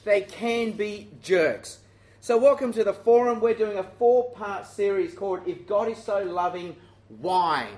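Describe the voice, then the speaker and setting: An Australian man preaching a sermon in a lively, self-mocking and direct way. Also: high voice, a little slow.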